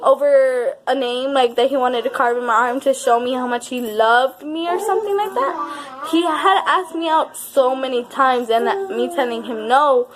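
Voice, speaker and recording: Young woman, high voice, casual storytime vlog, animated and emphatic, swears a lot. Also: moderate pace, a crowd in the background. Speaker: vlogger.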